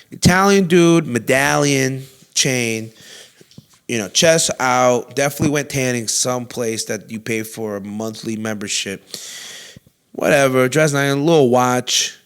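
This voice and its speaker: A young adult man and comedy show host, telling a story in a loud, animated way with constant swearing and acted-out quotes. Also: mid-range voice, smooth.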